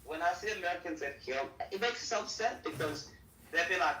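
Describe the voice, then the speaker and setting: A man's voice: on the high side, fast talker, sharp tone. Heated man in an echoey distant recording. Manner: blunt, profane, heated. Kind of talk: casual talk. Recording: echoey, distant mic, faint noise.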